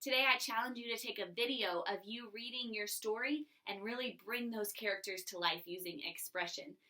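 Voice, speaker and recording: A woman teacher giving a recorded reading lesson to young children, expressive and encouraging. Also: a little high, normal speed. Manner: expressive, encouraging, sing-song.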